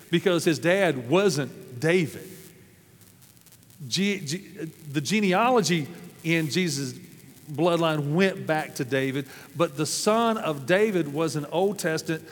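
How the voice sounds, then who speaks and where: A pastor from Arkansas, preaching a sermon with folksy, humorous storytelling. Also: male voice, a little high. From South Arkansas, USA. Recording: long hall reverb.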